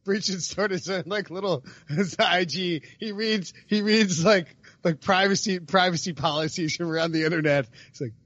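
A man hosting a casual podcast talks in a rambling way and laughs as he goes. He often breaks off and restarts his sentences. His voice sits a little high, with a dull, dry, lo-fi sound. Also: moderate pace, few pauses, fairly bright tone, no echo. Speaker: podcast host. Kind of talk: casual chat.

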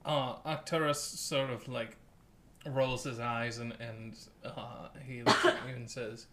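A man's voice: medium pitch, level tone, slow, bright, forceful tone, slight background noise. A man playing a tabletop game, casually describing what his character does. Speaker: player.

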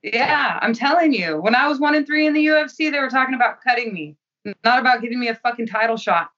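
A woman's voice: fairly high pitch, animated, fast talker, fairly bright tone, recorded from a distance, dull audio. A woman fighter giving blunt, profane, self-assured interview answers.

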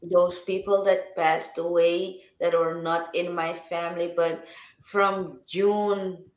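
Woman, songwriter guest, lowish pitch, reflective, repetitive phrasing, roomy echo. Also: flat delivery, slow pace. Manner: reflective, repeats words and restarts often. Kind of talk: casual interview chat.

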